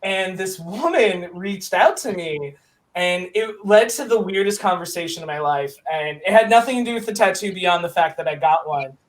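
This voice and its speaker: A young man with a noticeably high voice tells a story in casual conversation. He is animated and self-mocking, with plenty of likes and you-knows. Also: normal speed. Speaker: guest.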